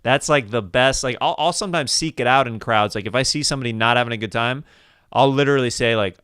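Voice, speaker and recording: A man's voice: medium pitch, fast, a bit bright, clean tone, no room sound, clean studio sound. A man hosting a casual comedy podcast, joking loosely and laughing often. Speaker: podcast host. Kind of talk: casual chat.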